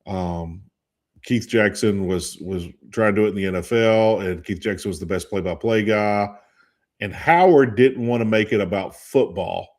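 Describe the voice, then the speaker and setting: A tired man in his fifties co-hosts a sports talk show, chatting casually and rambling, losing names mid-thought. His voice is fairly low with a darkish tone, and he speaks at normal speed.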